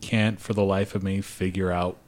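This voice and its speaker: Low-voiced young man, joking podcaster. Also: level tone. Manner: joking, quick asides, filler words. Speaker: podcast co-host. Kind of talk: casual chat.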